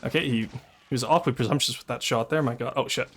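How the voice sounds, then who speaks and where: A man's voice: medium pitch, fast talker, a bit bright. A male streamer giving live gameplay commentary, chatting to his viewers and swearing and exclaiming when he comes under attack. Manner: chatty asides to chat between bursts of play.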